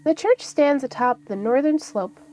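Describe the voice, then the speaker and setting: A woman's voice: high-pitched, lively intonation, moderate pace, mellow, soft background music. A woman streaming a video game, reading its text aloud with casual asides. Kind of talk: casual let's-play commentary.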